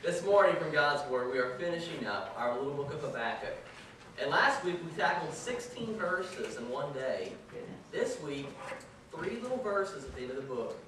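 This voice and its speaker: Pastor preaching in an echoey church. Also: male voice, a little high, sing-song, normal speed. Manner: joking, self-deprecating storyteller. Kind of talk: sermon. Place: church sanctuary. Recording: echoey church from far off, with noise.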